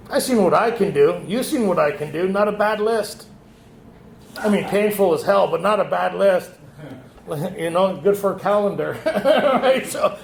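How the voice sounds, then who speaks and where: A man with a high voice shares his story at a recovery retreat, voicing the people he quotes as he goes. His voice rings in an echoey meeting room with a faint hiss behind it. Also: expressive, normal speed, vocal fry. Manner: storytelling, acts out quoted dialogue. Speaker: retreat speaker. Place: meeting hall.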